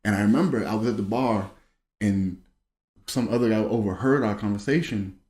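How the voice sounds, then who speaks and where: A man's voice: lowish voice, moderate pace, darkish tone. A young man from Maryland co-hosting a casual chat and telling stories, acting out what people said. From Maryland, USA. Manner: storytelling, acts out quoted dialogue. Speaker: podcast co-host. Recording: echoey room.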